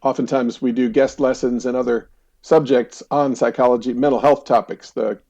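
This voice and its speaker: A middle-aged American man, a counselor appearing as a podcast guest, tells stories in a relaxed, chatty interview, laughing easily and using plenty of ums and other fillers. His mid-range voice is warm and mellow with some vocal fry, at a moderate pace. The sound is slightly dull and lo-fi, as if over a remote call.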